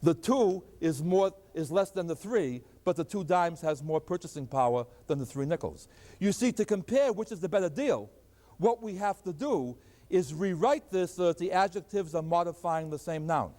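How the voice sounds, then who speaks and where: A man's voice: sits high, expressive, moderate pace, mellow, big-room sound. An older man teaching a math lecture at the board, asking questions and answering them himself.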